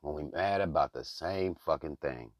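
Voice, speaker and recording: Deep-voiced man ranting bluntly. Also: normal speed, no room sound, clean studio sound. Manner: blunt, profane and heated. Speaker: channel host. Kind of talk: casual political commentary rant.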